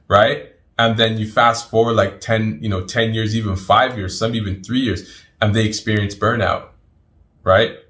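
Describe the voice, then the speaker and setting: Middle-aged man, lowish voice, animated storyteller, guest in an interview. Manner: animated storyteller, repeats words as he goes.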